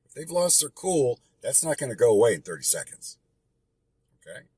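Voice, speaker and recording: A man's voice: medium pitch, sing-song, moderate pace, warm tone, husky, no echo. A man teaching a real estate investing lesson, direct and emphatic, repeating his key points. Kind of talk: coaching lesson.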